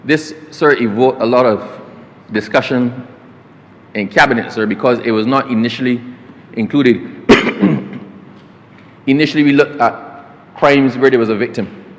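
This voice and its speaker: A Barbadian man speaks from the floor of a parliament chamber, his voice trailing a long reverb. His pitch sits mid-range for a man. His delivery is formal, he keeps turning to the chair with "sir", and he drifts into homely storytelling asides. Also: unhurried, long pauses. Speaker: government minister. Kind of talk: parliamentary speech.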